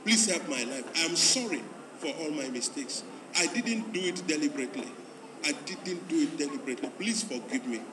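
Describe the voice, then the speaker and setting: A man's voice: on the high side, animated, fairly quick. A man, a pastor at a church convention, leading an altar call and a prayer, repeating his urgent calls to come forward. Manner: repetitive, urging, rising to loud pleading calls. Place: large church hall at a convention. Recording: echoey hall, distant mic, crowd noise.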